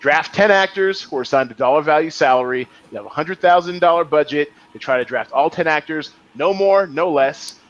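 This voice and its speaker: A man's voice: on the high side, a little fast, hardly any pauses, muffled recording. A man hosting a podcast in casual chat, joking around and laughing often. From Las Vegas area. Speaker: podcast host.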